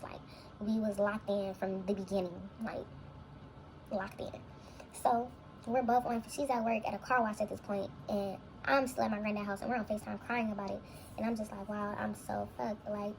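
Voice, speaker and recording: A woman's voice: fairly high pitch, vocal fry, darkish tone, a little hiss or hum, poor audio. A young woman, a vlogger, telling a long personal story in a casual, rambling, reflective way full of fillers. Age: young adult.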